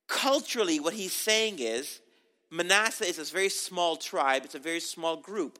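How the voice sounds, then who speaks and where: A male pastor preaching a sermon, animated, acting out quotes and often asking "right?". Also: sits high, moderate pace. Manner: animated, acts out quotes, tag questions.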